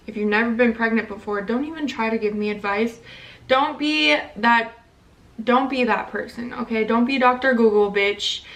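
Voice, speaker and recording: Blunt, sassy young woman, slightly distant mic. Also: on the high side. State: pregnant. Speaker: beauty vlogger. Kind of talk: casual makeup tutorial and rant.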